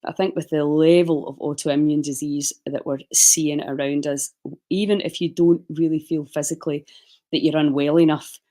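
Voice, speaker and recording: A middle-aged woman giving casual, rambling livestream advice as a fasting and wellness coach, often correcting herself mid-sentence. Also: deep voice, fairly even intonation, warm tone. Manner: chatty, rambling, self-correcting.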